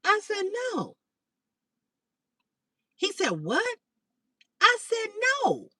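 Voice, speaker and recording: A middle-aged woman hosting a livestream, telling a story casually to her chat, acting out the quoted lines in a higher voice and swearing freely. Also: slow pace, gravelly, dry recording, distant mic, low-quality recording. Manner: animated, acts out quoted dialogue in a higher voice. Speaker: livestream host.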